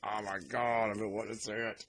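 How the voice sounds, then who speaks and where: A little fast and lowish in voice, a man chats excitedly through a comic book unboxing and review vlog. The tone is loose and casual, with plenty of free cursing.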